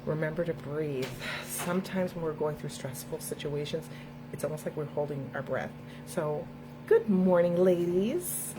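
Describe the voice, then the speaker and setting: Earnest, encouraging woman host with a lowish voice. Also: normal speed, noisy background. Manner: encouraging, earnest, laughs easily. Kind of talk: casual motivational talk to viewers.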